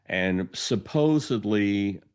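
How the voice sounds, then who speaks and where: A man's voice: lowish voice, lively intonation, slow, smooth. A man hosting a podcast, telling an anecdote in a storytelling monologue and acting out the lines of the people in it. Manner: anecdotal, acts out quoted dialogue. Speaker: podcast host.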